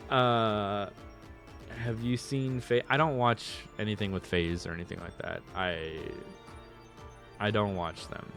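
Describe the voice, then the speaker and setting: A man's voice: lowish voice, steady tone, measured pace, a bit bright, faint music behind. A male streamer chatting casually with his viewers, rambling through restarts and fillers.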